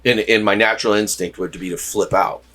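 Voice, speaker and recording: A man hosting a podcast, chatting in a relaxed, reflective, soft-spoken way. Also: fairly low pitch, fairly quick. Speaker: podcast host. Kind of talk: casual chat.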